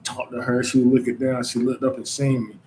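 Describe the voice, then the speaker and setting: A man with a North Carolina Southern accent hosts his own show in a loose, rambling monologue. His voice sits at an ordinary middle pitch and keeps circling back with "you know" and "man". A faint noise hums behind him. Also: flat delivery, brisk, mellow, rough recording. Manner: informal Southern speech. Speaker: podcast host. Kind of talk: casual monologue.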